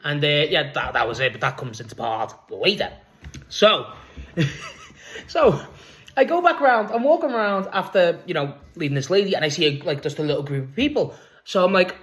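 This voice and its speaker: A man's voice: on the high side, lively intonation, fairly quick, fairly bright tone. A man with a Liverpool accent telling a rambling, sweary story in a casual vlog. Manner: rambling, sweary, laughs while talking. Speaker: vlogger.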